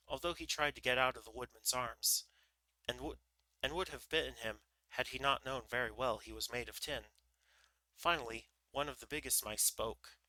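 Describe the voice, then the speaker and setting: Male livestream storyteller, relaxed read with small restarts, bright and dry. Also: mid-range voice, no room sound, low-quality recording. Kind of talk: reading a children's book aloud.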